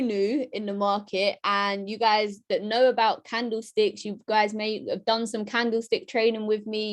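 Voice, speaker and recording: A woman giving a live-streamed trading lesson, lively and chatty, talking straight to her viewers and often asking "right?". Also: medium pitch. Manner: talks straight to her chat audience. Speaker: trading educator.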